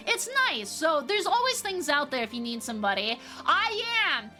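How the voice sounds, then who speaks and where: A woman's voice: high-pitched, big pitch swings, moderate pace, pushed and bright, faint music behind. A young adult woman streamer chatting casually with viewers, reading their messages and swearing freely. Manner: chatty, swears casually, reads chat aloud.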